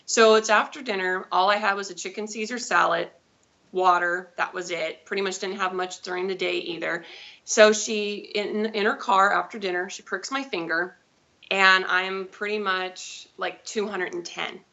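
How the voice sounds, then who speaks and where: Gravelly, bright-voiced woman in her thirties. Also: mid-range voice, steady tone, normal speed. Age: 30s. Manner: chatty, rambling with self-corrections. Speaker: guest, diabetes advocate. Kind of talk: personal storytelling in a live interview. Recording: dull lo-fi audio.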